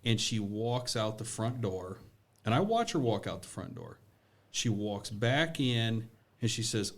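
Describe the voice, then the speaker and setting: A man's voice: on the low side, animated, measured pace. A man on a podcast casually telling a story about his daughter, sounding exasperated. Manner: exasperated dad telling a family anecdote.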